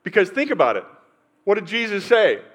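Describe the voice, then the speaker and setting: A middle-aged man preaching a sermon as pastor, telling personal stories with pauses and sudden swells in loudness. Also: high-pitched, wildly swooping pitch.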